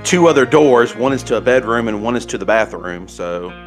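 A man narrating a tabletop role-playing game as game master, in a halting way with pauses and fillers. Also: medium pitch, expressive, faint music behind.

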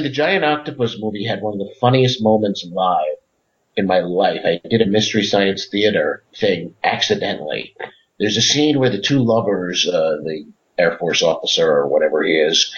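A man with a low voice talks as a podcast guest, eager and rambling, piling up uhs and restarts. The audio is muffled and lo-fi. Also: moderate pace, fairly bright tone. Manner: rambling, enthusiastic storyteller with many fillers. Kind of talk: casual interview chat. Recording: dull lo-fi audio.

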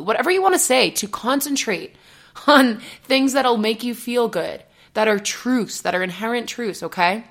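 A young woman hosts a solo podcast as a coach, rambling earnestly through a casual monologue with frequent "okay?" check-ins and nervous giggles. Her voice is on the high side and a bit bright, with lively intonation at a normal speed.

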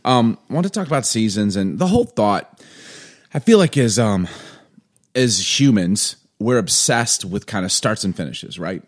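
A man in his forties from Chicago, co-hosting a casual podcast. His voice sits on the low side, and he thinks out loud in repeated, rolling phrases. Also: lively intonation, normal speed. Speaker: podcast co-host.

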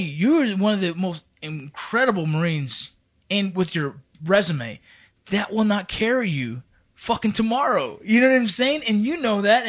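A man's voice: sits high, a bit bright. A man who is a military veteran, talking in a casual podcast conversation in a profane, emphatic, fired-up way.

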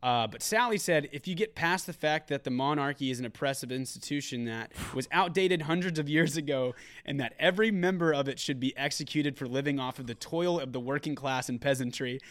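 A man's voice: medium pitch, fairly quick, few pauses, fairly bright tone. A man co-hosting a casual movie review podcast, joking and reading out reviews, with a lot of restarts. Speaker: podcast co-host.

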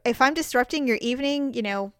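A woman chats casually, telling family stories with lively energy and slipping into the voices of relatives. Her voice sits a little high. The sound is dry and close, with no room around it. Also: fast, clear, resonant tone, no room sound. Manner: animated, acts out voices of family members while telling stories. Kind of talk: casual chat, storytelling.

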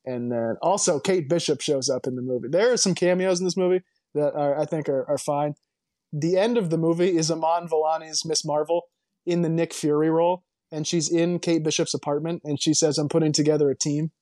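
Man, podcast co-host, slightly high voice, dry close sound; chatty and opinionated. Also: steady tone, fairly quick, darkish tone, no room sound. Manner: rambling, emphatic, full of restarts and opinions. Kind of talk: casual movie podcast chat.

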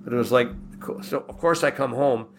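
A man's voice: medium pitch, fairly quick, fairly bright tone, slight background noise. Rambling man acting out a story. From Buffalo, New York. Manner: rambling, acts out quoted dialogue. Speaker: guest telling a personal story. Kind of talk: casual anecdote telling.

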